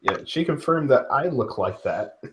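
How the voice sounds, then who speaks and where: A woman with a strikingly low voice co-hosts a relaxed chat. Her manner is easygoing and agreeable, often with brief replies. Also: moderate pace, a little hiss or hum. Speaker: podcast co-host. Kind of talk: casual chat.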